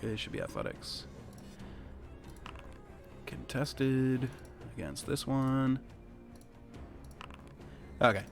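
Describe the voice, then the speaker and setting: A man's voice: mid-range voice, very animated, very slow, vocal fry, long pauses, faint music behind. A man narrating a tabletop game as game master, chuckling and rambling, often correcting himself mid-sentence. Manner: laughing, rambling, self-correcting.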